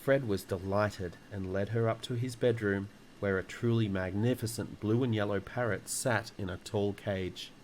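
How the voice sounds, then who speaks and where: Calm low-voiced man reading a storybook. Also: moderate pace, hardly any pauses, slight background noise, rough recording. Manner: calm, relaxing delivery. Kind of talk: reading a children's book aloud.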